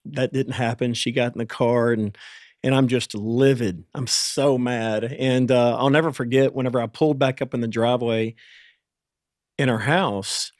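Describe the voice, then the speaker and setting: A man in his forties, a podcast host, talking candidly about parenting, halting with many fillers and restarts. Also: mid-range voice, fairly even intonation, no echo, clean studio sound.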